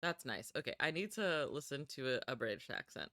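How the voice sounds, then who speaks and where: A woman's voice: rumbling low, very animated, brisk, a bit bright, no room sound. A woman streamer chatting casually while reacting to a film. She is self-deprecating and often trails off and restarts. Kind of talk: casual live-stream commentary. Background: film music.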